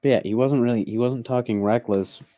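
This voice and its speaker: A young man hosting a casual livestream chat, halting and repeating words, drawling some phrases with mock-soothing asides. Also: mid-range voice, steady tone, warm tone, no room sound. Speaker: livestream host.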